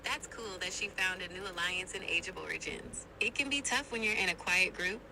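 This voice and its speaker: This is an artificial woman's voice, an AI assistant with a lowish pitch, chatting in a fairly quick, upbeat, courteous and friendly way. It comes through a phone speaker, with noise in the background.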